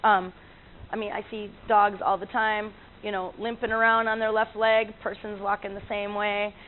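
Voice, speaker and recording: Her voice is medium-pitched with little pitch movement at a normal speed, as this animal communicator chats through casual stories. She laughs often and restarts a lot amid plenty of fillers, heard over a tinny lo-fi line carrying faint noise.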